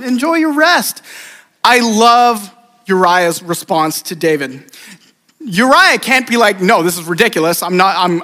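A man preaching a sermon in a relaxed, conversational way, acting out the people in the story. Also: sits high. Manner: casual, conversational preaching with acted-out voices. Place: church sanctuary. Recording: church hall reverb.

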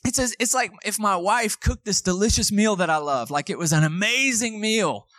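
Male pastor, chatty sermon delivery with asides to the congregation, pitched a bit high. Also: lively intonation, moderate pace, a bit bright, no echo, clean studio sound.

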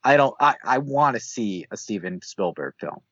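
A man's voice: fairly low pitch, animated, moderate pace, a bit bright, breathy edge, no echo, lo-fi sound. A man co-hosting a film podcast, chatting casually and loosely with a lot of filler words. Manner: loose and conversational, frequent "like" fillers. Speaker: podcast co-host.

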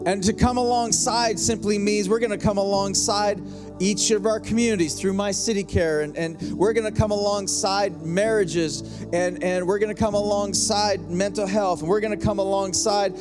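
A middle-aged man preaching a sermon as pastor, in a conversational, repetitive style that slows down to stretch key lines. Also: high voice, steady tone, over music.

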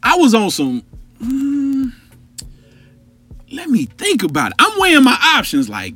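A man in his thirties telling a long personal story on a podcast, profane and animated, talking straight to his listeners. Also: very high-pitched, unhurried, long pauses, no room sound. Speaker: podcast host.

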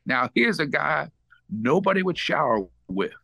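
A man putting on a booming, cheerful TV host who addresses the crowd like an announcer. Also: big pitch swings, measured pace, vocal fry, sharp tone, breathy edge, heavily acted. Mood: showman.

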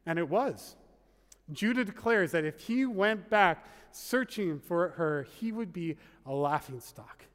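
A man's voice: sits high, fairly bright tone. A man preaching a sermon as pastor in a conversational, wry way, full of asides. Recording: long reverb of a large hall.

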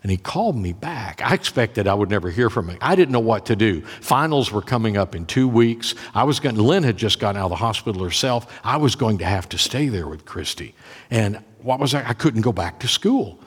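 Pastor telling a story in a church. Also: male voice, fairly low pitch, expressive, a little fast, husky. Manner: conversational, repeats words and restarts. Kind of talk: sermon storytelling. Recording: long reverb of a church.

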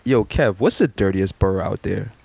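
A man co-hosting a casual podcast chat, laid-back with quick reactions. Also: fairly low pitch, vocal fry, darkish tone, breathy edge. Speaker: podcast co-host.

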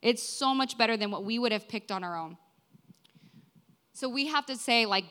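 Delivering a sermon to her congregation, this twenty-something preacher sounds bright and forward, with a mid-range voice that moves a little fast. Her talk is earnest and conversational, peppered with "like" and "right?"

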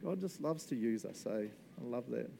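Casual NZ preacher, male, animated and jokey, warm mellow tone. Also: mid-range voice, normal speed, creaky, soft background music. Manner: animated, laughing, acts out voices. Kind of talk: casual sermon.

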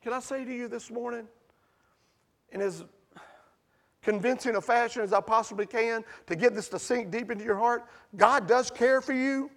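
A middle-aged man preaching a sermon in a church sanctuary, swinging from impassioned near-shouting to hushed pleading. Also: very high voice, fairly even intonation, normal speed, long pauses. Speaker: pastor.

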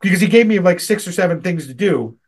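A man's voice: sits high, animated, fast talker. A man hosting a podcast, telling rambling, profane stories about an old job and laughing often. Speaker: podcast host. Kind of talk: casual storytelling chat.

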